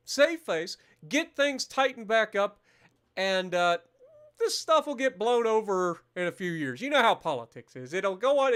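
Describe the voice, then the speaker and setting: Streamer in his 30s, man with a high voice, crude and jokey, rambles into loud bits while playing. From Ohio, USA. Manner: profane, joking, riffs in loud tangents. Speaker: gaming livestream host. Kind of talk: casual live gameplay commentary.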